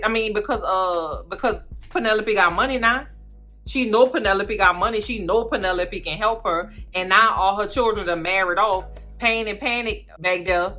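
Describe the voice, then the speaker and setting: Brief: animated, sassy woman recapper, talks to viewers directly, quite bright. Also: mid-range voice. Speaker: vlogger, show recapper. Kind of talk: casual recap chat.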